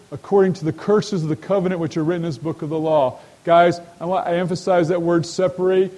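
A man with a slightly higher voice leads a Bible study in a sermon style. He keeps turning to his listeners with quick rhetorical questions. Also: steady tone, mellow, low-quality recording. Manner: asks rhetorical questions and addresses listeners directly. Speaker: Bible teacher.

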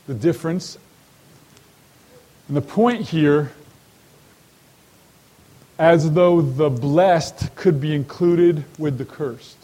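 A man's voice: a little high, slow pace, long pauses, mellow, poor audio. Man teaching a Bible study. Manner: asks rhetorical questions and addresses listeners directly. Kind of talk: sermon-style Bible study.

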